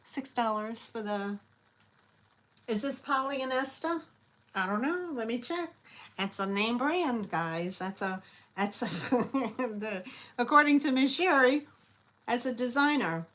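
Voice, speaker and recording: Woman, live sale host, casual selling chat, unhurried pace, lots of fillers. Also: on the high side, expressive, fairly bright tone, rough recording. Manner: chatty and scattered, with many fillers.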